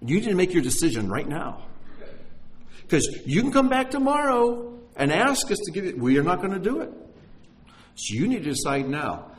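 A man's voice: sing-song, normal speed. A man doing a pushy salesman. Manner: high-pressure, urgent. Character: pushy male salesman, insistent.

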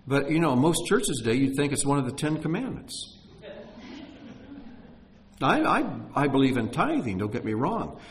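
A man's voice: mid-range voice, sing-song, moderate pace, pauses often, slight background noise. Conversational male preacher teaching a sermon. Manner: conversational, with emphatic rises and restarts.

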